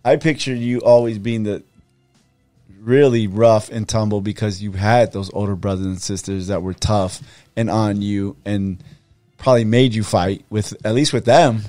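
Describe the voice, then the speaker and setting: A man hosting a podcast, asking relaxed, chatty questions. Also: fairly low pitch, normal speed, dry recording, soft background music. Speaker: podcast host. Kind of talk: casual interview.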